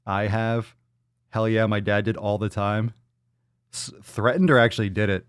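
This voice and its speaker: This podcast host speaks with a flat delivery at normal speed, his clean tone recorded dry with studio clarity. During a casual, profane live-stream, he jokes around, reads out viewer comments, and softly coos baby talk in a high voice to a pet.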